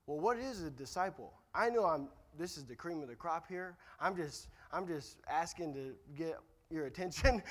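A young man preaches in a high, lively voice, slipping in jokes and hammering home repeated lines. His words ring out with a long reverb from the hall. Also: moderate pace. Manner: joking asides, repeats key lines. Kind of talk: sermon.

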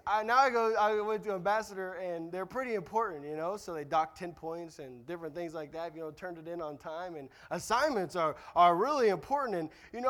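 High-voiced young preacher in a hall. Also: male voice, fairly bright tone. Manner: joking asides, repeats key lines. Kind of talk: sermon. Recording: long reverb of a hall.

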